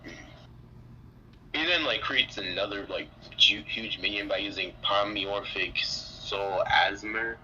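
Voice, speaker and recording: A young man recapping a story in a rambling, halting, mumbly way. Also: on the low side, pushed and bright. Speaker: co-host. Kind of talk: casual fan recap. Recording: dull lo-fi mic with faint hiss.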